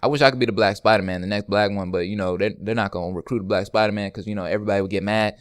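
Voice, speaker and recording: A man's voice: fairly low pitch, fairly even intonation, very fast, no echo, clean studio sound. A young man hosting a casual question-and-answer vlog for his gaming channel, joking and rambling with frequent laughs. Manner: laid-back, joking, rambling, laughs often. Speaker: YouTube gaming channel host.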